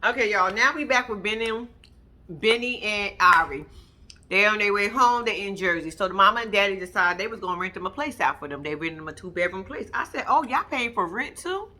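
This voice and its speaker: A woman giving a blunt, sassy casual recap of a reality TV episode, talking straight to her viewers. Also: fairly quick. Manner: swoops up high when excited.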